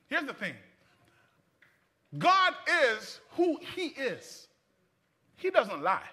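A man's voice: extremely high pitch, sharp tone. A man preaching a sermon to a congregation, repeating phrases and restarting lines, and leading call-and-response. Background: congregation answering.

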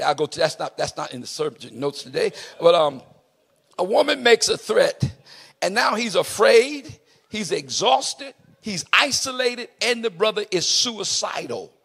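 A man preaching a sermon in an impassioned way, rising to shouts with a sing-song cadence. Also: high voice, gravelly, husky.

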